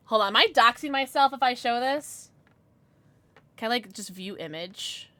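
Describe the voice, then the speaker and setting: A woman's voice: a little high, pushed and bright. Bubbly young woman streamer. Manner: chatty, bubbly, squeals when reading chat. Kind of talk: casual live-stream chat.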